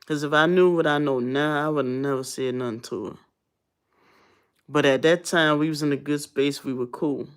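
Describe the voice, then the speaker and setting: Woman, thirties, vlogger, blunt casual storytelling, lively delivery. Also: deep voice, normal speed, smooth. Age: 30s. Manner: blunt, conversational, animated when telling stories.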